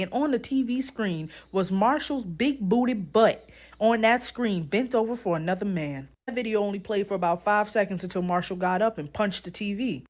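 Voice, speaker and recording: A woman tells a long comic story on a podcast call-in segment. Her delivery stays steady and deadpan. Her voice sits at an ordinary middle pitch. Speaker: caller telling a story. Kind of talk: reading a comic story aloud.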